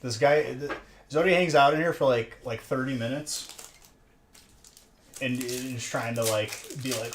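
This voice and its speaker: A man with a medium-pitched voice streams late at night, opening card packs and joking around with his chat in a rambling, casual way. He keeps a measured pace and pauses often. The audio carries echo from the room plus some background noise.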